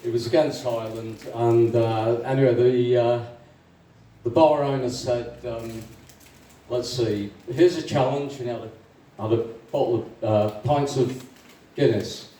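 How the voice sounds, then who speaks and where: Halting male open-mic comic, dark mellow tone, recorded from the back of an echoey club. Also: mid-range voice, steady tone. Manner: halting, full of ums, laughs at own jokes. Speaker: open mic stand-up comedian. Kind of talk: rambling stand-up joke telling. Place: small comedy club stage. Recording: echoey club room, distant mic, faint noise.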